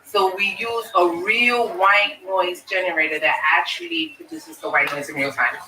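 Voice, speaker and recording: A woman who investigates the paranormal, explaining her team's methods in a quick, matter-of-fact way during a live interview at a fair. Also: mid-range voice, lively intonation, sharp tone. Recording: echoey, distant from the mic, faint noise.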